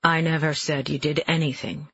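A man reading the part of a terse middle-aged male police detective with a slow, dry drawl, on a dull, dry recording. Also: a little high, flat delivery, pushed and bright, husky, no echo, exaggerated voice.

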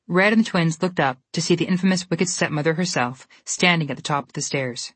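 A woman with a low voice narrates a storybook, reading in a steady, even way. The recording is close and dry, with no room around her. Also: fairly quick, few pauses, no room sound.

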